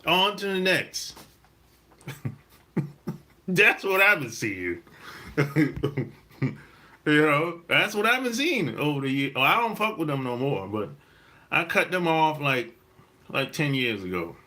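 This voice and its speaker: A man from South Carolina, hosting a podcast and telling a story in a blunt, emphatic monologue with cursing and drawn-out stresses. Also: on the high side, big pitch swings, pushed and bright. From South Carolina, USA. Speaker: podcast host. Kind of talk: casual monologue.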